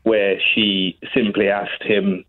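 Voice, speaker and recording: Friendly caller guy, kinda low voice, phone-line sound. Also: little pitch movement, slow pace. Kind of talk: phone-in call.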